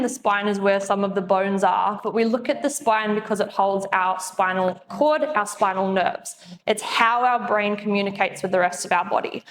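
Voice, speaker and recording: Upbeat woman chiropractor in an echoey room. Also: medium pitch. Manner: upbeat, chatty, laughs often. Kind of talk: live presentation with slides. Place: room with an audience. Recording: echoey room, faint background noise.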